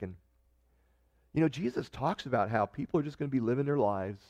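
A man's voice: mid-range voice, lively intonation, a little fast, warm tone, dry recording, muffled recording. A man preaching a sermon in a conversational way, reading scripture and often restarting his sentences. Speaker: pastor.

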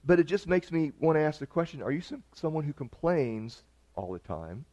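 A man's voice: fairly high pitch, expressive, normal speed, a little mellow. A man pastor preaching an earnest, conversational sermon. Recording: dull lo-fi recording.

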